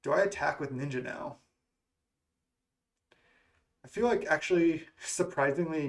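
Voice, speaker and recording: A man with a fairly high, slightly slow voice thinks aloud during a card game, musing and questioning his own strategy. He has the hiccups. He's a gaming content creator.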